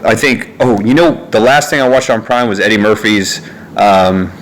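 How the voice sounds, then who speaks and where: Recording indoors at his family home on a phone in a neck holder, a young vlogger rambles casually with frequent fillers and asides. His voice is fairly low and steady in tone at a moderate pace, and a little hiss or hum is audible.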